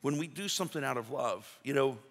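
A man's voice: medium pitch, lively intonation, brisk. A male pastor preaching a sermon in a folksy, conversational way, acting out little quotes. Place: church sanctuary. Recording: reverberant church sanctuary.

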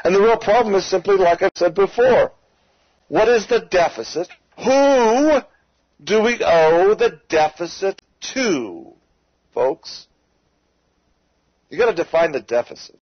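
A man's voice: high voice, animated, unhurried, long pauses, dry recording, dull audio. A man hosting a talk radio show, delivering an emphatic, ranting opinion monologue and repeatedly calling his listeners folks.

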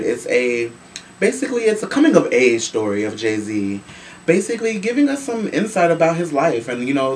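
A man from Chicago hosting a casual celebrity gossip show, sassy and animated, swearing freely. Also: medium pitch. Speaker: show host. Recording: voice from a distance with faint room noise.

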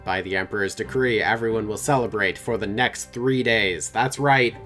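Loud music runs behind a man with a fairly low-pitched voice as he hosts a game play-through. He reads the story text aloud and jokes playfully between passages, laughing readily in casual banter.

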